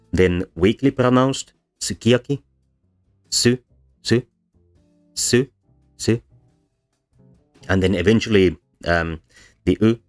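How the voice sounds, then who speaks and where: A man presenting a linguistics lecture from slides, explaining step by step with frequent ums and self-corrections. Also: low voice. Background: soft bossa music.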